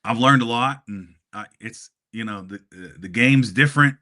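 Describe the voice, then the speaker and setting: A man's voice: mid-range voice, normal speed, sharp tone. A man from Hawaii chatting casually on a podcast, telling a rambling story with lots of fillers and chuckles. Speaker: podcast co-host. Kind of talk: casual chat.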